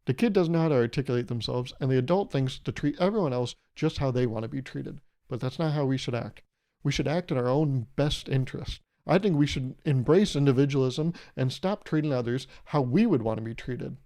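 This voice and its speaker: A man's voice: mid-range voice, brisk, mellow. A man in his twenties hosting a solo podcast, rambling and joking as he acts out little quoted exchanges. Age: 20s. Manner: rambling, jokey, swears freely, acts out quotes. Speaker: podcast host. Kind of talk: casual solo podcast monologue.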